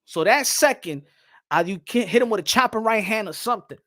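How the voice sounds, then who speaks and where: A man hosting a boxing show, talking in an animated, rambling way and slipping into Spanish. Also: high-pitched, brisk. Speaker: boxing podcast host. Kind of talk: casual boxing commentary.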